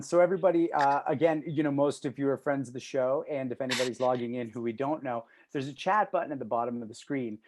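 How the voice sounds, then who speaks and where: A man's voice: medium pitch, a little mellow, no room sound. Middle-aged guy cohosting a video call chat, rambles earnest, swears, dry sound. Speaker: podcast co-host. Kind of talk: casual chat.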